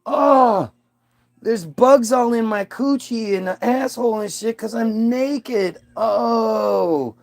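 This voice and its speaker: A man voicing a bratty, newly clever first woman with a high, sassy, exasperated delivery. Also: slow pace, creaky, exaggerated voice.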